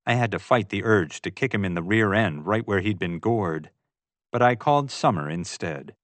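A man's voice: lowish voice, lively intonation, moderate pace, no room sound. A man giving first-person audiobook narration in a wry, storytelling manner.

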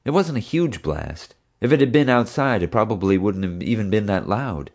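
Low male narrator, steady scripted read. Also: moderate pace. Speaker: audiobook narrator.

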